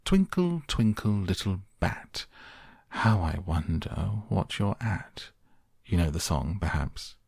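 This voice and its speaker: A man voicing a mournful, quarrelsome hatter in a slow storybook reading. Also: low voice, expressive, creaky, darkish tone, breathy edge, no echo, studio quality, heavily acted. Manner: mournful, argumentative.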